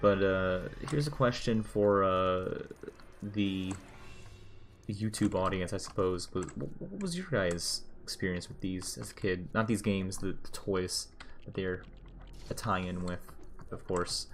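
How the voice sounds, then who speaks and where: Low-voiced rambling young male streamer. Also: measured pace, a little hiss or hum. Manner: rambling, joking, swears freely. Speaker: game streamer. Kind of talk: casual gameplay commentary.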